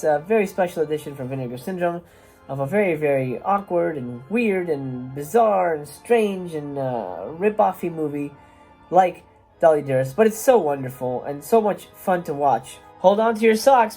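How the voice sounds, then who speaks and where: Low, mellow-voiced woman reviewing a film. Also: expressive, normal speed, slightly rough, soft background music. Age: adult parent. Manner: chatty and wry, with frequent "uh" hesitations. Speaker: movie reviewer and channel host. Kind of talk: casual video review.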